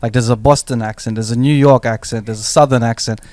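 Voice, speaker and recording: A man co-hosting a podcast, talking in an animated, rambling way. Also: mid-range voice, quick pace, dry recording. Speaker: podcast co-host. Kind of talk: casual chat.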